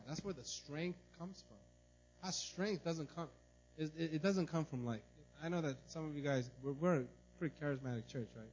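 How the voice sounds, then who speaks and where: A man preaching a sermon in a church, telling a personal story in an animated way and often asking "right?". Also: a little high, moderate pace. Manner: animated, tells stories, repeats "right?". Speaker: pastor. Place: church service. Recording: dull lo-fi recording.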